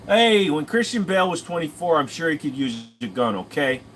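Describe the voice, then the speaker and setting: A man's voice: fairly high pitch, very animated, a little fast, fairly bright tone, a little hiss or hum, rough recording. Sleepy man riffing crudely with chat. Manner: crude joking, riffing impressions. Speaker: streamer answering chat. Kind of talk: casual late-night chat.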